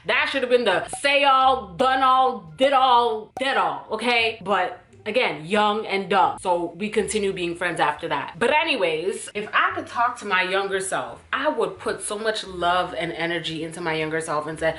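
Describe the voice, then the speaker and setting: Animated woman telling a story. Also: medium pitch, moderate pace, echoey room. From Toronto, Canada. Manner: animated, rambling, dramatic storytelling. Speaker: YouTuber. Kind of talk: storytime vlog.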